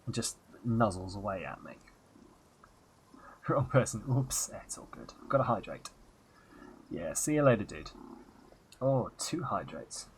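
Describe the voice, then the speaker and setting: A man's voice: fairly low pitch, sing-song, measured pace, long pauses, a little hiss or hum. A man chatting casually while live-streaming a game, self-mocking and muttering asides into a headset.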